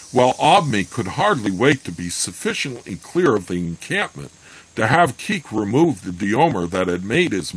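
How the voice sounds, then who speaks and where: A man reading a fantasy novel aloud in a steady voice, then talking it over with many fillers and restarts. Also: lowish voice, slight background noise, low-quality recording. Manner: plain steady reading of the narration. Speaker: podcast host reading a novel aloud and discussing it.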